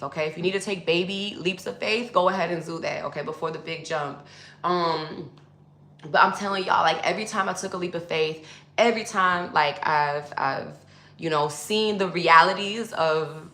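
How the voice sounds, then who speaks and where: A woman's voice: lowish voice, pushed and bright. A woman speaking as a spiritual coach in a loose, casual monologue to viewers. She uses lots of fillers and calls her listeners y'all. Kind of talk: casual teaching monologue to camera. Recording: echoey room.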